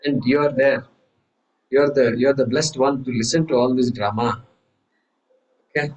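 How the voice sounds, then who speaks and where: A man teaching a scripture class, lively, asking rhetorical questions and acting out voices. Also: mid-range voice, normal speed, highs cut off. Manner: animated, acts out quoted voices, rhetorical questions. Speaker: Vedanta teacher. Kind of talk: class lecture.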